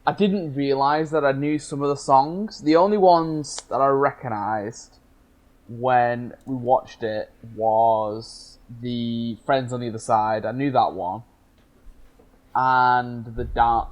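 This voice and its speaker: A man co-hosting a casual movie podcast, his voice sitting at an ordinary middle pitch for a man. He meanders through his thoughts and often fumbles for the right words. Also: slow, lo-fi sound. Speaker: podcast co-host.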